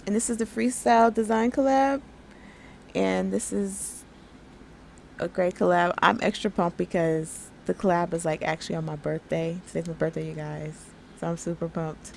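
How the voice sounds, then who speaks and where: A woman's voice: on the low side, fairly even intonation, moderate pace, vocal fry, slight background noise. A young woman chatting casually over her nail art tutorial, upbeat and full of fillers.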